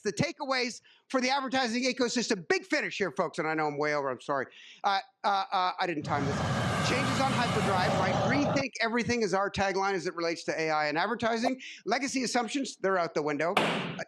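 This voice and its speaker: Male keynote speaker with a high voice, dry wit and plenty of filler words. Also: heavy background noise. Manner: wry, joking asides with frequent uh fillers. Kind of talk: conference keynote talk. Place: conference stage.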